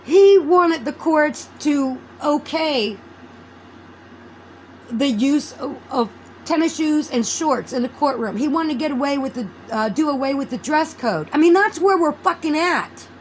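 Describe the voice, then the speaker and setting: A woman's voice: sits high, lively intonation, a little slow, a little mellow, a little hiss or hum, rough recording. Rambling, foul-mouthed woman vlogger. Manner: rambling, loses her train of thought, swears freely. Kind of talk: casual rambling chat.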